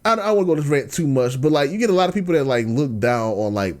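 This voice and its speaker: A man hosting a podcast in casual chat, slangy and ranting, dropping to low mumbles and then bursting into excited outbursts. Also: fast. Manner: slangy, lots of fillers and restarts. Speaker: podcast host.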